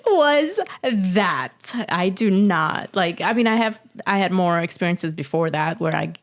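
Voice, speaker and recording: A woman telling a personal story as a podcast guest, emotional and halting, often laughing. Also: on the low side, steady tone. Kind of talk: casual interview storytelling.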